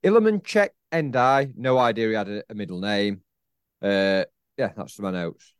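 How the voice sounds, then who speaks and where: A man's voice: lowish voice, moderate pace, clear, resonant tone, no echo, clean studio sound. A man, co-hosting a podcast in casual, rambling chat and laughing often. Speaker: podcast co-host.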